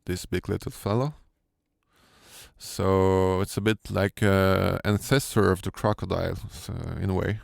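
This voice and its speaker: Slow, gravelly French-accented man. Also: low voice, flat delivery, no room sound, clean studio sound. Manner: hesitant, many fillers and restarts. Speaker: sound designer. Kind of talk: tutorial walkthrough. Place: home studio.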